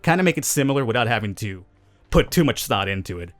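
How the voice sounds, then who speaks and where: A man's voice: medium pitch, big pitch swings, fast talker, no echo, faint music behind. A man hosting a gaming channel, answering viewer questions in casual, chatty commentary with opinionated, wry asides. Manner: chatty, opinionated, self-aware cynical asides.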